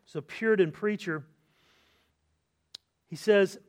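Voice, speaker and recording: High-voiced earnest male pastor preaching. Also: animated. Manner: earnest preaching, slows and lifts voice for emphasis. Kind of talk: sermon.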